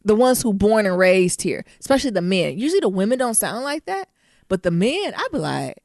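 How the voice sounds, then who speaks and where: A young woman from Detroit co-hosting a podcast in casual, profane chat with lively asides. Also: medium pitch, a little fast, gravelly, dry recording, clean studio sound. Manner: animated, profane, laughing asides. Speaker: podcast co-host.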